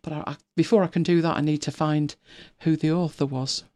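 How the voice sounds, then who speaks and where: On a casual podcast, a woman in her fifties co-hosts with warm, steady delivery, her low voice running fairly quick. She rambles, laughs often and now and then lowers to a whisper.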